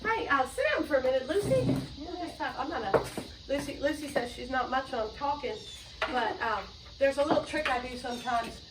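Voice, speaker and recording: A woman's voice: sits high, animated, a little fast, very noisy. A woman host, chatting loosely and rambling between songs at home. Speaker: show host and singer. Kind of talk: casual chat and singing with ukulele. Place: home room with doors open to a yard. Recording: roomy, distant mic, loud music.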